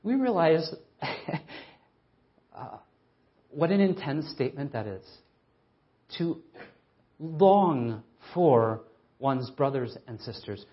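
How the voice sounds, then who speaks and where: A man preaching a sermon, earnest and emphatic, asking rhetorical questions and slowing down to stress scripture readings. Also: a little high, sing-song, lo-fi sound.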